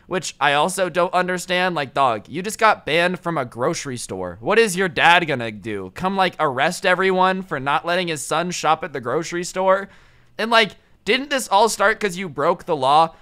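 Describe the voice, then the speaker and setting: A young man tells a story in a casual vlog, rambling through slangy asides. His voice is bright and clear with crisp edges and sits slightly high. He keeps it loose and conversational. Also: moderate pace. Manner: chatty and slangy, heavy on fillers and asides. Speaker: storytime vlogger.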